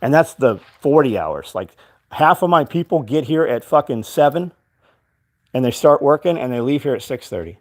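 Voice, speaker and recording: A man's voice: medium pitch, animated, normal speed, no room sound. A man who runs his own company, ranting bluntly and with heavy swearing about work ethic to his livestream audience. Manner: quotes his own past exchanges. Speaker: business owner and show host. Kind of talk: casual livestream talk.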